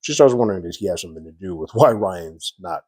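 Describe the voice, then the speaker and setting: A man's voice: deep voice, animated, fast, a little mellow, breathy edge, no echo. A man casually recapping and reviewing a TV episode, retelling scenes loosely with frequent fillers. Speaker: TV series reviewer.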